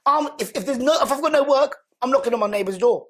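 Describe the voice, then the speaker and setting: A man, a podcast guest, telling his story in a lively, conversational way and acting out the dialogue. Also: extremely high pitch, fast, hardly any pauses. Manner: animated, acts out quoted dialogue.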